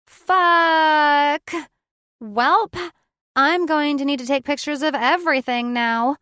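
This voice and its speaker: A woman reading an audiobook voices a brash, excitable young woman who speaks loudly. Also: sits high, takes it slowly, no echo, studio quality, voice pushed up, heavily acted. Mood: excited. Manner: loud, exclamatory. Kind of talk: audiobook narration.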